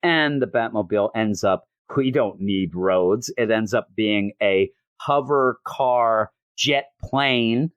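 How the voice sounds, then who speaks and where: A man's voice: on the low side, slow, few pauses, dry recording, muffled recording. A man hosting a comic review show, recapping an issue with wry, rambling asides. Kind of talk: casual comic book recap.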